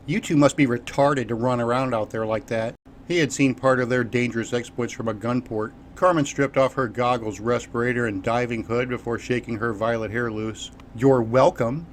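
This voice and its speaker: A man's voice: medium pitch, a little hiss or hum. Man reading an audiobook steadily. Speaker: audiobook narrator. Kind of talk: unabridged audiobook narration.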